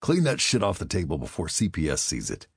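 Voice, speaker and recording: A man voicing a gruff young soldier who is a protective big brother and talks bluntly. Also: deep voice, huge pitch swings, fairly quick, no room sound, studio quality, full character voice.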